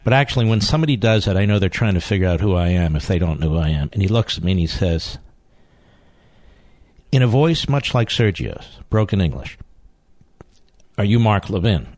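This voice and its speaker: A man's voice: sits low, animated, a little fast, darkish tone, no echo. A man hosting a political talk radio show, emphatic and indignant, firing rhetorical questions.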